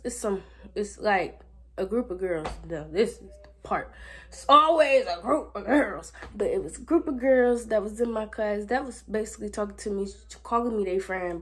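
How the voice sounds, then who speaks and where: Teen girl vlogger, sassy and animated, talking to camera. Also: mid-range voice, husky. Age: teens. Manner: animated, sassy, talks straight to viewers. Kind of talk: casual storytime vlog.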